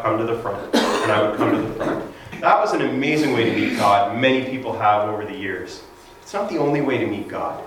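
Male pastor, mid-pitched, conversational sermon delivery, echoey room with faint background hum. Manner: conversational preaching, acts out quoted voices.

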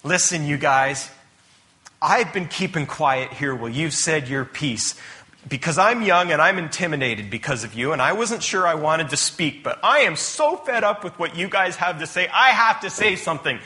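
A man's voice: fairly high pitch, expressive, moderate pace, sharp tone. A man voicing a young man who is fed up and launches into a heated rant. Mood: indignant. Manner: heated, ranting.

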